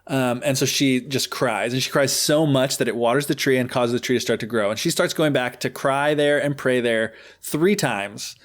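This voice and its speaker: A man's voice: medium pitch, moderate pace, hardly any pauses. A man hosting a podcast, retelling a fairy tale in a chatty, joking way with lots of fillers. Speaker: podcast host. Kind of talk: casual storytelling.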